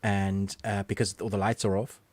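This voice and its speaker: Man, podcast co-host, casual chat, wry, teasing, laughs a lot, low voice, dry close mic. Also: little pitch movement, normal speed, a little mellow, no echo.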